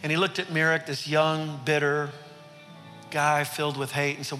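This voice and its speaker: A man's voice: a little high, level tone, normal speed, bright, forceful tone. A male pastor telling a story in a sermon, building dramatic intensity. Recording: reverberant hall with faint music.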